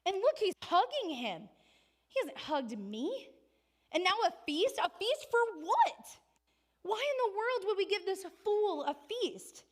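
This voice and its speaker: A resentful older brother airs his grievances in high, raised, indignant questions, as a woman acts him out. He sounds bitter and aggrieved about how unfair things are. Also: big pitch swings, exaggerated voice. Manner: indignant rapid-fire questions.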